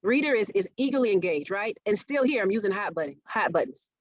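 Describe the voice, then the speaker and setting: A woman teaches a business workshop in an engaging way, often asking her listeners if they follow. Her voice sits at a middling pitch. The webinar audio is dull and dry, with no room sound. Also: lively intonation, fast talker, dry recording. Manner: engaging, asks audience questions often. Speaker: marketing speaker.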